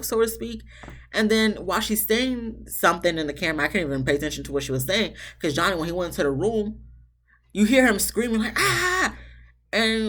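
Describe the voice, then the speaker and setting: Low-voiced woman recapping reality TV. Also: a bit bright. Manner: chatty, candid, breaks off to vent at the cast. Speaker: TV show reviewer. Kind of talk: casual reality-TV recap commentary.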